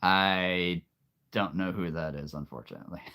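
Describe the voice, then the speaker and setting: A man in his late thirties chatting casually with viewers on a live stream, easygoing and quick to laugh. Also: sits low, steady tone, sharp tone, clean tone. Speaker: streamer and voice performer.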